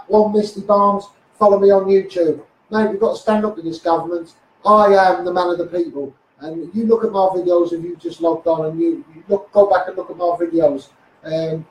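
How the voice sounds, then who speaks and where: A man with a Liverpool accent ranting in a Facebook live monologue, swearing and firing repeated asides at his viewers, recorded on a phone. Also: high-pitched. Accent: Liverpool (Scouse). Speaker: self-styled activist livestreamer. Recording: echoey room, far from phone mic.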